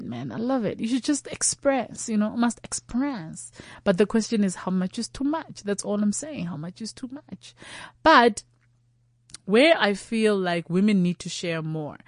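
A woman comedian in her thirties or forties, speaking openly and with lively energy. She keeps dropping into quoted voices and imagined conversations, and often circles back to restart a phrase. Her voice sits at a middling pitch and sounds dry and close to the mic. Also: dry recording. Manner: animated, acts out quoted voices and imagined dialogue. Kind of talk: candid conversational chat.

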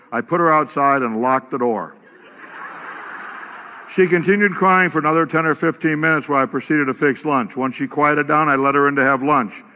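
A man delivers a sermon from the pulpit, his slightly high, forceful voice carrying through a reverberant church hall. He tells stories in an animated way and builds toward emphatic outbursts. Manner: animated storytelling, rising to loud exclamations. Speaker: pastor. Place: church sanctuary. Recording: long reverb of a large hall.

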